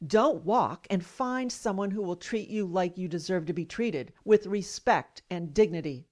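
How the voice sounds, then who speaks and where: A woman's voice: fairly low pitch, moderate pace, hardly any pauses, darkish tone. A middle-aged woman hosting a radio program, reading a scripted personal commentary in an indignant, emphatic way. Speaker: radio host.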